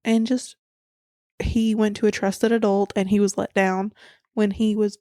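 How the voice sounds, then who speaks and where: A woman's voice: medium pitch, little pitch movement, warm tone, no room sound. Giggly woman with a dry, close voice. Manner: giggly, quick to laugh. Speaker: podcast co-host. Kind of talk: casual movie chat.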